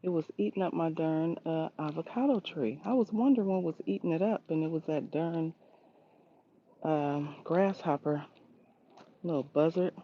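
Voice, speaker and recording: A woman with a low voice and moderate pace walks viewers around her backyard garden on a casual livestream. She greets people by name as she chats, recording outdoors on a handheld phone with slightly dull audio.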